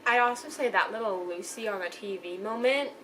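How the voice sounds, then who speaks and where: A woman's voice: medium pitch, a little fast, a bit bright, slight background noise, low-quality recording. A young woman casually reviewing a novel she loved, chatty and gushing, often trailing off and restarting her sentences. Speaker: book reviewer. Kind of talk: casual book review vlog.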